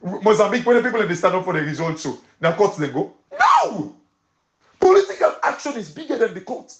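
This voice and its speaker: Male host, Sierra Leonean Krio accent, fairly high voice, impassioned pidgin-English commentary. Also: expressive, fast talker. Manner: rallying, repetitive exhortations.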